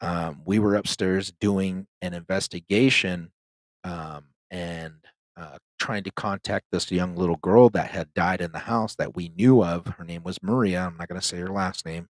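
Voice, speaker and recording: A deep-voiced man tells a ghost story in a loose, rambling way, filling his sentences with "like" and "um." His voice is low, and it sounds dry and close to the microphone, with no room echo. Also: steady tone, normal speed. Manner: loose and rambling, heavy use of "like" and "um". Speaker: podcast host telling a ghost story. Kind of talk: casual storytelling.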